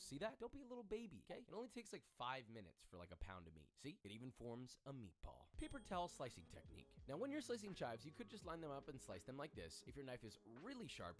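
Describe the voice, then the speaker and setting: Fast, animated man giving kitchen tips. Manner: energetic, jokey, emphatic swings in pitch. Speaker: cooking instructor. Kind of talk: quick kitchen tips tutorial.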